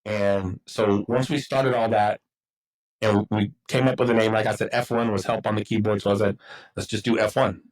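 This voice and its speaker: A man's voice: fairly low pitch, steady tone, moderate pace, low-quality recording. A middle-aged man from Texas, a podcast guest and football coach, telling personal stories in casual talk, swearing freely and acting out what people said. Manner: swears freely, acts out quotes, rambling. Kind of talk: casual storytelling.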